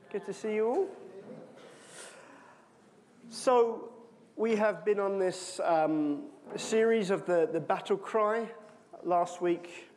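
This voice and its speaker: A man's voice: sits high, darkish tone, long reverb tail, slight background noise. A man from the United Kingdom preaching a sermon in a casual, chatty way, quoting with emphasis.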